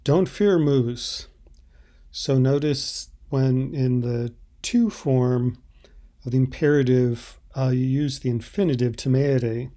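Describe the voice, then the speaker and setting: A man teaching Italian, explaining subtitle translations in a halting, thoughtful way. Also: mid-range voice, fairly even intonation, dark tone.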